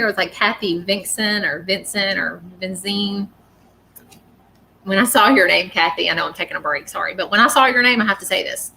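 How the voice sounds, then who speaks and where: A woman's voice: medium pitch, gravelly, bright, forceful tone, slight background noise, low-quality recording. A woman giving psychic readings on a livestream, chatty, rambling and often apologetic. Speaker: psychic reader.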